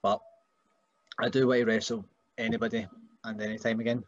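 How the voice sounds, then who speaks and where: A man's voice: lowish voice, little pitch movement, brisk, no room sound, muffled recording. A young Scottish man, a wrestler, chatting casually on a podcast and joking about people he meets. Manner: joking, does mocking voices of relatives. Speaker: wrestler guest.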